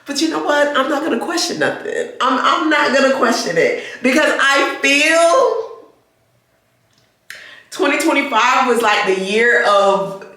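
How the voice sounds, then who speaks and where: Woman vlogger, middle-aged, wheezing with asthma, animated and laughing, bright voice. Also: high voice, measured pace, very echoey. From United States. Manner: chatty, laughing, animated storytelling. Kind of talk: casual chat to camera. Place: inside a car.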